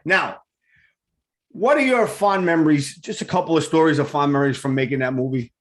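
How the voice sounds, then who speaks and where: A man's voice: a little high, fairly quick. A man hosting a talk show, chatting eagerly with a guest and rambling with repeated words. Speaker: radio show host. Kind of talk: enthusiastic casual interview.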